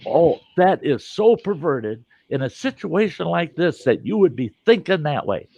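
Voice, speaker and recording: A man's voice: on the high side, big pitch swings, unhurried, creaky, mellow, no echo, pitched above the performer's own voice, full character voice. A man putting on the voice of his suspicious, scolding ex-wife while telling a story. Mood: scandalized. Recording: dull lo-fi dry sound.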